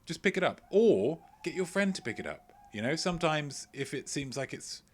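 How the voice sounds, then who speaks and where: With a sing-song voice on the high side and a moderate pace, a man hosts a live quiz stream from indoors at home. Reading chat messages aloud, he wanders off into playful, rambling asides.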